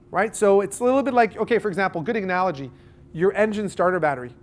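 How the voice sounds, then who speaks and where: A man with a Canadian accent giving a live seminar at a boat show, explaining with lively everyday analogies and acted-out dialogue. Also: high voice, fast. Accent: Canadian English. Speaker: seminar presenter.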